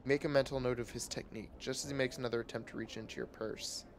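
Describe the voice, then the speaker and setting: A man streaming a game who reads its text aloud in a steady, measured way. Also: medium pitch, slight background noise.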